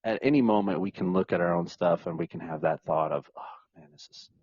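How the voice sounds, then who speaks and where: A man guest talking in a relaxed, conversational way. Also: deep voice, fast, breathy edge, no room sound, lo-fi sound. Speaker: podcast guest. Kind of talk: casual interview chat.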